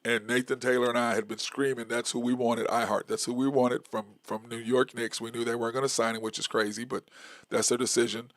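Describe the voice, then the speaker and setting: The host of a sports talk show, a man with a mid-range, gravelly voice edged with fry, delivers an opinion monologue. He wanders, starts over and tallies stats out loud in a loose, casual manner. The audio is dry and close-miked, with no echo or room around it.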